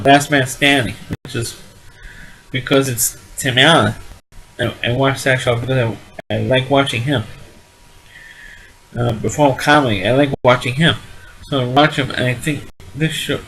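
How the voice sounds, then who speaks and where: A man's voice: mid-range voice, fairly bright tone, low-quality recording. A man giving a casual spoken review of an old sitcom, blunt and dismissive, rambling and often restarting his sentences.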